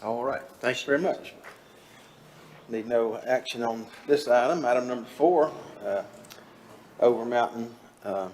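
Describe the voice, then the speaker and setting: A man chairing a county board meeting, moving items along briskly. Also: mid-range voice, darkish tone, a little hiss or hum, poor audio. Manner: brisk and procedural.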